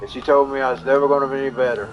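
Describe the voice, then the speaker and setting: A man of ordinary pitch tells a meandering story to his live stream audience. He speaks in a folksy, plainspoken way. His sentences wander and loop back on themselves. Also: fairly even intonation, rapid-fire, dull audio, a little hiss or hum. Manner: rambling, folksy, repeats himself. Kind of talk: casual personal storytelling.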